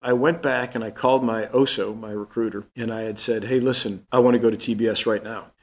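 A man's voice: fairly low pitch, steady tone, fairly quick. A man in his fifties, a guest on an interview, telling his story in a casual way and acting out the voices of the people in it.

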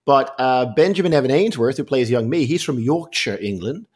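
A man with a Newfoundland accent, a comedian and actor, telling stories in an interview in an animated, self-correcting way. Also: mid-range voice, moderate pace, breathy edge. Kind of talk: interview storytelling.

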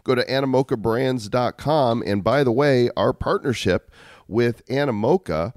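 A man's voice: mid-range voice, moderate pace, darkish tone, no room sound. A man co-hosting a podcast, chatting casually with dry quips and reading sponsor spots. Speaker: podcast co-host. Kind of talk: casual chat and sponsor read.

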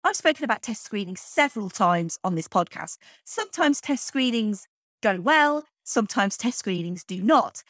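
A woman's voice: mid-range voice, big pitch swings, moderate pace, a bit bright, no echo, clean studio sound. A woman hosting a podcast, reading a script with chatty, opinionated asides. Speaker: podcast host.

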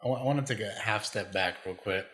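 A man's voice: lowish voice, fast talker, fairly bright tone, reverberant. A man hosting a podcast, asking his guest short, curious questions. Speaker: podcast host. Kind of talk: interviewing.

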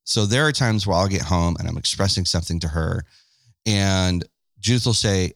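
A man's voice: sits low, moderate pace, gravelly, dry recording, studio quality. A man co-hosting a podcast with his wife, talking candidly and acting out their past conversations. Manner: candid, self-deprecating, acts out past conversations. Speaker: podcast co-host. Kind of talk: casual couple's podcast chat.

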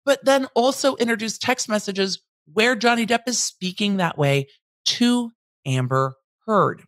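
A woman hosting a casual, candid trial recap, blunt enough to swear and acting out quotes with lively emphasis. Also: mid-range voice, unhurried, dry recording. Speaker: legal commentary host.

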